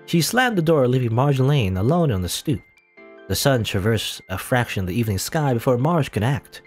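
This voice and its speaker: Animated male let's play reader. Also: medium pitch, brisk, faint music behind. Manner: casual, chuckling asides. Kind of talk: reading a game's text aloud with asides.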